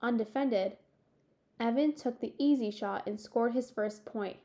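A woman reads a children's sports story aloud as its narrator. Her voice sits fairly high, and she takes the lines slowly and deliberately. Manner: measured, expressive storytelling. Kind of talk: audiobook narration.

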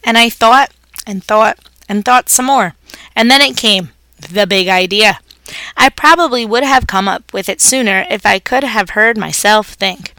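Woman reading a kids book aloud, bright voice, dry close sound. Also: medium pitch, a little slow, no room sound. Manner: expressive read-aloud narration in the voice of a pet hamster. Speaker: storyteller. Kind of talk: reading a children's story aloud.

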